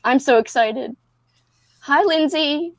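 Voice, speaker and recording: A young woman with a high, bright-pitched voice hosts a casual group livestream. She talks in a bubbly, giggly, slightly scattered way, calling out names from the chat. The sound is close and dry. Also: slow, dry recording. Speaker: livestream host.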